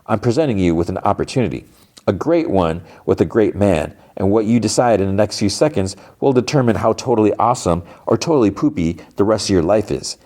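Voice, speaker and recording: A man's voice: lowish voice, expressive, brisk, warm tone, natural voice. A man voicing a smug young male political aide who makes mock-friendly threats in a smarmy tone.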